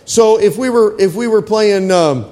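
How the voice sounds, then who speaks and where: A man's voice: sits high, a little slow, in a large hall, over music. A man preaching a sermon to his congregation in a folksy manner, often checking in with questions. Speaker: pastor. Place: church hall.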